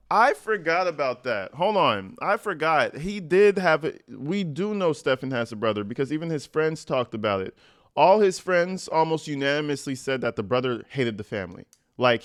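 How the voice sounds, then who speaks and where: A man's voice: medium pitch, fairly bright tone, smooth. A man hosting a reaction channel, reading letters aloud and breaking in with blunt, profane, mocking commentary.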